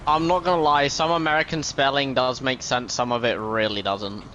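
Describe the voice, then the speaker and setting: A man's voice: medium pitch, fairly even intonation, moderate pace, pushed and bright, dull audio, a little hiss or hum. A young man with an English accent in casual gaming chat, joking crudely and swearing often. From England.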